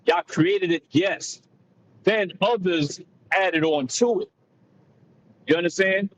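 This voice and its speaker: A man's voice: high-pitched, slow. A man from Jamaica, raised in America, explaining a point in casual discussion with emphatic repeats and frequent "you understand?". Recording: dull lo-fi sound with faint noise.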